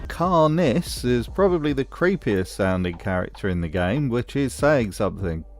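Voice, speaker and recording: A man's voice: mid-range voice, sing-song, moderate pace, a little mellow. A man narrating a scripted video analysis of game voices with dry, wry humor.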